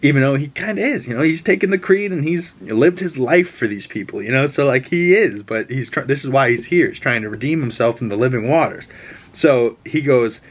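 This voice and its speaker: A young man talks through an episode recap in a loose, unscripted way, full of fillers and restarts. His voice sits at an ordinary middle pitch, and he swears freely and lets his excitement show. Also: fairly quick. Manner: rambling, swears freely, gets openly excited.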